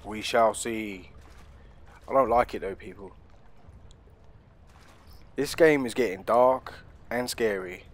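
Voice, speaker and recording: A man, hosting a horror game let's play, loud and profane, constantly calling out to his viewers. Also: on the low side, slow, long pauses. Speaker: gaming channel host.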